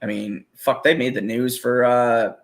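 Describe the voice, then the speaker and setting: A man's voice: medium pitch, steady tone, measured pace, creaky. A man chatting casually as a guest, rambling and swearing freely, laughing often. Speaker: guest musician. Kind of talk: casual profane chat.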